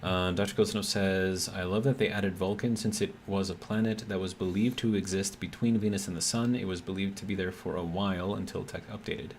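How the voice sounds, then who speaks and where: A relaxed male game streamer with a fairly low voice talks through his build and reads chat aloud. He is easygoing and hesitant, often pausing on ums and correcting himself mid-sentence. A faint hum of noise sits behind him. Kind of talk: casual live-stream commentary, reading chat aloud.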